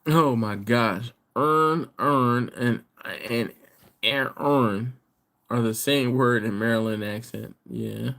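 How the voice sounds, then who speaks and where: Man, middle-aged, tired, laid-back, slangy, chuckling, live-stream host reading chat, unhurried. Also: medium pitch, fairly even intonation, vocal fry, fairly bright tone. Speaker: barbecue channel host.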